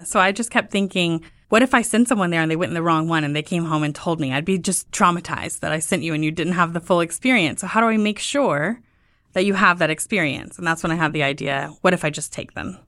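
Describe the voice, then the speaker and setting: A woman in her thirties, a guest on an interview show, telling her story in a relaxed, chatty way. Her voice sits a bit low and jumps up whenever she acts out what people asked her. The recording is close and dry. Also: fast talker, no room sound. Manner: lively, acts out quoted questions with lifts in pitch. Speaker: guest, travel tour founder.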